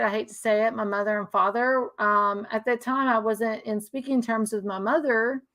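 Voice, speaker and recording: A woman with a slightly high voice speaks in a loose, heartfelt monologue. She often breaks off, restarts sentences and repeats herself for emphasis. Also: a bit bright. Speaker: speaker sharing religious views. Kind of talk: casual emotional monologue.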